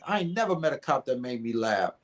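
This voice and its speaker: A middle-aged man telling a story in a casual interview, animated and acting out the dialogue, often repeating words. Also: medium pitch, a little fast. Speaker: guest comedian.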